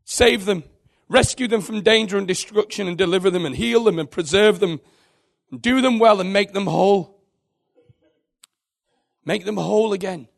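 Gravelly high-voiced preacher. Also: male voice, moderate pace, pauses often. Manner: earnest, emotional testimony storytelling. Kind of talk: sermon.

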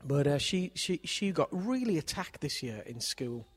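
A husky, slightly breathy male preacher with a voice pitched a little above most men's. He speaks in a conversational way, checking in with the room through tag questions as he teaches. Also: sing-song, moderate pace. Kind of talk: sermon with a family story.

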